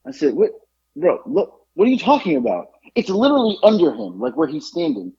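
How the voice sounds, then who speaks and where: Husky man telling an exasperated story. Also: a little high, huge pitch swings, fairly quick, dark tone. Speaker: podcast host. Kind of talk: casual chat, storytelling. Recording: dull lo-fi podcast audio.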